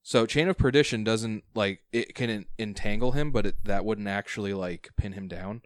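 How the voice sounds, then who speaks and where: A man with a lowish voice runs a tabletop game, working through the rules in a measured way. The recording is dry and close. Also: no room sound. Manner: measured, explaining rules with restarts. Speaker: game master.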